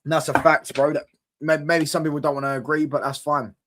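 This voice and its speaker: On his casual football live stream, a young man addresses chat with lots of energy, fan slang, and frequent "do you get what I'm saying." His voice runs a little high and brisk, with noise audible in the background.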